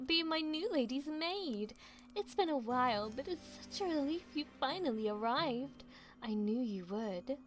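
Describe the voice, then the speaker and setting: A woman voicing an excitable, clingy young princess who speaks in an eager, pleading, drawn-out way. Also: high voice, voice pushed up. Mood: eager, excited.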